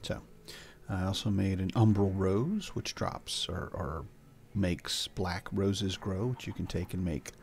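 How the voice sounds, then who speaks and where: An older man with a low, slightly mellow voice takes things slowly while hosting a gameplay video. His let's-play commentary is casual, chatty, and rambling, and he coos at his pets. Faint background music plays.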